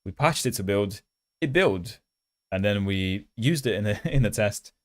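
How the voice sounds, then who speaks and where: Low-voiced man chatting on a coding stream. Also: lively intonation, a little slow, no room sound. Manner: chatty and self-mocking, reads chat aloud; holds mic close in a mock ASMR voice. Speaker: coding livestream host. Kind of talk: casual livestream chat while coding. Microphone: handheld mic held close.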